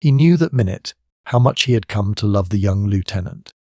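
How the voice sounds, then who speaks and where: Man, audiobook narrator, measured reading, low voice, dry close sound. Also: lively intonation, a little mellow, dry recording. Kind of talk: scripted narration.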